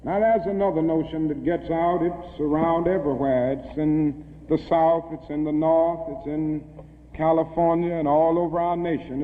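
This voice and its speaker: Man giving a stately speech, rhythmic cadence, tinny old archive sound, long hall echo. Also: on the high side. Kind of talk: formal oratory.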